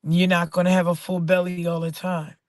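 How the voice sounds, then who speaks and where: A poet and artist with a fairly low, level voice gives a casual, inspirational talk about faith and perseverance, speaking a little fast. The recording is clean studio sound with no room echo. She speaks emphatically, repeating phrases for stress.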